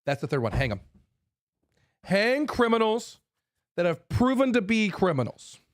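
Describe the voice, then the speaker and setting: A man's voice: high voice, sing-song, unhurried. A man ranting heatedly and bluntly, swearing and repeating himself as he works himself up. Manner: blunt, profane, repeats phrases, stumbles and restarts; fired up, forceful. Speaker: host.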